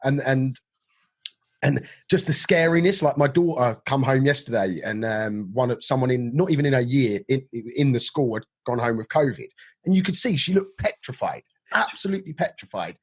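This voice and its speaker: Middle-aged host, slightly husky, casual and laughing often. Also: male voice, medium pitch, lively intonation, normal speed. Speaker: podcast host. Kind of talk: casual podcast chat.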